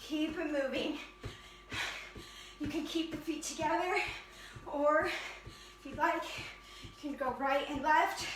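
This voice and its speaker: A woman leading an energetic yoga fitness class, cheering and counting down reps, slightly out of breath. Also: high-pitched, takes it slowly, pauses often, noisy background. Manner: upbeat, encouraging, counts down reps. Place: yoga studio. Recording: echoey room from a distance.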